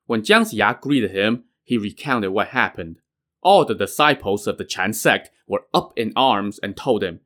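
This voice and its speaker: A man's voice: lowish voice, animated, measured pace, fairly bright tone. Male storyteller reading a classic tale. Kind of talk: narrating a classic novel.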